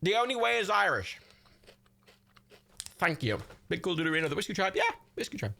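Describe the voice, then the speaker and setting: Speaking briskly and very animatedly, the man has a creaky voice with a sharp tone, and a little hiss or hum runs under it. He's hosting a livestream, bantering with viewers as they watch a movie together, swearing freely, laughing often, his pitch swinging wildly.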